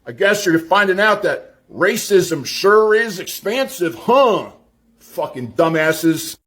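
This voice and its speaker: Crude, scornful male commentator, slow delivery. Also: high-pitched, expressive, a bit bright. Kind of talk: mocking commentary.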